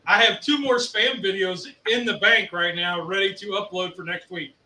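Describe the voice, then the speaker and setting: Bright-voiced man host in echoey room. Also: sits high, steady tone, normal speed. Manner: easygoing, chatty, laughs often. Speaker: cooking show host. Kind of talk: casual chat while cooking and eating. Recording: echoey room, mic at a distance, faint noise.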